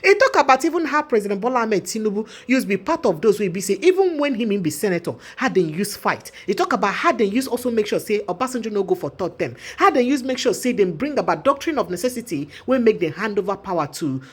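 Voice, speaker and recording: Woman news commentator, Nigerian Pidgin accent, fast and lively, dramatic retelling. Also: medium pitch, slightly rough. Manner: dramatic, repetitive, quotes others in acted voices. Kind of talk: animated political commentary.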